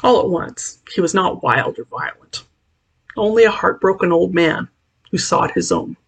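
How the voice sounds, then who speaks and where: Gravelly, husky audiobook narrator. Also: mid-range voice. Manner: measured, expressive reading. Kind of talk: storybook narration.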